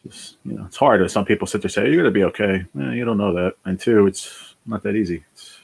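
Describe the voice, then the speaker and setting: Brief: weary New man, livestream host, gravelly and husky, casual and blunt. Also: on the low side, a little fast, a little mellow. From New Jersey. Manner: tired, sighing, swears casually. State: worn out. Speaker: livestream host reading chat.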